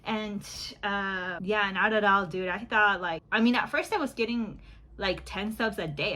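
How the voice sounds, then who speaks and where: This beauty vlogger, a woman in her thirties, talks casually and laughs often as she does her makeup at home on a phone's back camera. She speaks at a measured pace in a medium-pitched, bright, forceful voice, and the recording is rough.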